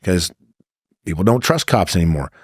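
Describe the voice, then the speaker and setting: A man with a lowish voice swaps undercover stories on a podcast in a laid-back, salty way. The sound is dry and close, straight into a studio mic. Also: lively intonation, normal speed, breathy edge, dry recording. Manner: laid-back, swearing, acts out quoted voices. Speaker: former undercover officer, guest. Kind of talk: casual storytelling.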